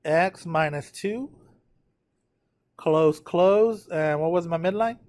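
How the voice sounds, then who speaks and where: Tired male math teacher, high voice. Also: slow pace, a little mellow. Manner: checks in with students often. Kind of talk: live classroom lecture at a whiteboard.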